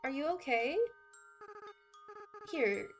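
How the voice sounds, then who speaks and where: A woman voicing a kind, gentle caretaker from a game, speaking softly with concern in a raised voice. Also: high voice, animated, takes it slowly, faint music behind, voice pushed up, exaggerated voice.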